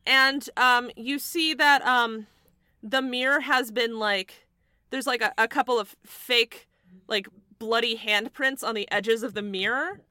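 High bright woman running a tabletop game. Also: no echo, clean studio sound. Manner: descriptive, hesitant with many fillers. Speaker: game master.

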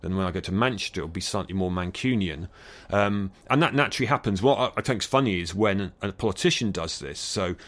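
A man's voice: deep voice, a little fast, fairly bright tone. A man with an English accent from Bristol, answering interview questions in a studio, thoughtful and hesitant with frequent restarts. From England. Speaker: acoustics scientist guest. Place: recording studio.

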